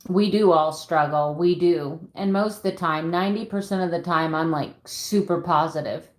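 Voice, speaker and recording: A woman's voice: on the low side, a little slow, reverberant. A middle-aged woman vlogging live, earnest and openly emotional, sighing and greeting viewers as she reads their messages. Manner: frequent sighs and fillers, warm greetings to viewers. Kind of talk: livestream chat, reading viewer messages.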